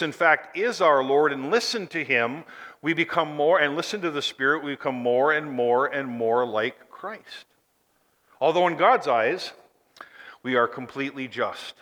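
A male preacher in the middle of a sermon, his voice pitched high and ringing bright. He presses his points with rhetorical questions, swinging from loud emphasis down to a near hush. The church around him carries a long, echoing reverb.

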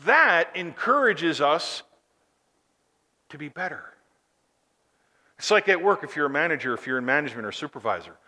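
A male preacher delivering a sermon, emphatic and full of rhetorical questions, swinging between loud and hushed delivery in a church. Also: a little high, expressive, normal speed, long pauses, in a large hall.

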